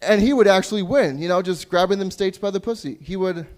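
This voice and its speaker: High-voiced young man doing crude stand-up. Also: quick pace. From Canada. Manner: crude, self-deprecating, loses track of jokes. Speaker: stand-up comedian. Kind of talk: open mic stand-up. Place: small comedy club stage.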